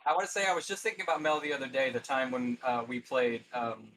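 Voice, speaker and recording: A man's voice: medium pitch, fairly even intonation, quick pace, a loud crowd. A man chatting casually on a stream, rambling with many hesitations as he tells a story. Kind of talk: casual chat.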